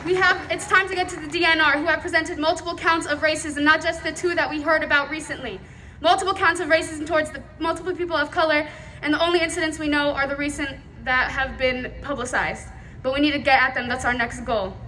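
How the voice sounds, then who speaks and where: A woman's voice: high voice, fairly even intonation, quick pace, sharp tone, slight background noise. Earnest young woman organizer speaking. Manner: earnest, slightly nervous, angry resolve. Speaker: protest organizer. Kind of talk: rally speech. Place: outdoor rally.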